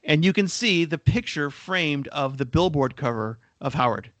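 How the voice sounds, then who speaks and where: A man's voice: on the high side, animated, normal speed, fairly bright tone, no room sound. Rambling man, dry podcast mic. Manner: rambling, repeats words when starting sentences. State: coughing now and then. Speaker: podcast co-host. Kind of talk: casual podcast discussion.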